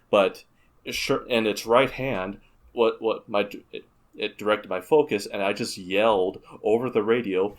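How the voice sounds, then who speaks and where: A man who is a guest on a casual gaming podcast, speaking in a somewhat low voice. He tells a long, rambling story and often stops and restarts his sentences. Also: a little slow.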